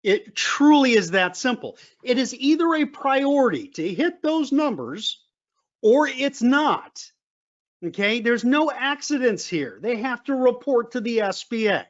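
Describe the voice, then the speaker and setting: A man's voice: extremely high pitch, animated, a little slow, lo-fi sound. A man giving a business training talk on government contracting, emphatic and repetitive, with frequent fillers and restarts. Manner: emphatic, repeats key points, frequent fillers.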